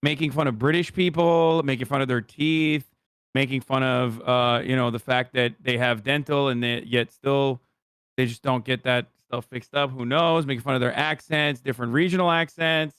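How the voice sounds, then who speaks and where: A man's voice: medium pitch, fairly even intonation, moderate pace, a bit bright, clear, resonant tone, no room sound, clean studio sound. A man streaming from the United States, reacting to a video in brash, profane, joking casual chat.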